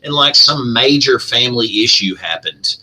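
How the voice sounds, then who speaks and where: Bright-voiced man, profane ranting cohost. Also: medium pitch, expressive, moderate pace, poor audio. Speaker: podcast co-host. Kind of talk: casual podcast chat.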